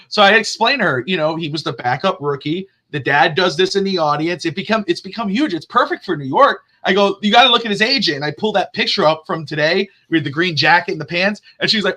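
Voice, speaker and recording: A man hosting a casual sports talk show, rambling and jokey and quick to laugh. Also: high-pitched, lively intonation, pushed and bright. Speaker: podcast host.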